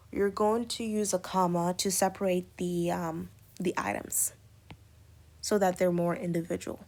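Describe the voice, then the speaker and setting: Low-voiced woman teaching punctuation. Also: steady tone, creaky, darkish tone. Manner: explains slowly with many examples, fillers like "um" and "like". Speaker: English teacher. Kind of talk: recorded lecture on punctuation.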